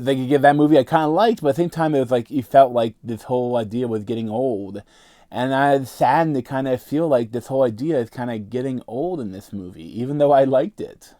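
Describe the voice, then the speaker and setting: A man talks through a movie review in a casual, rambling way, leaning on filler words and restarts. His voice sits at a middle pitch. The recording is dry and close. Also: mellow, dry recording.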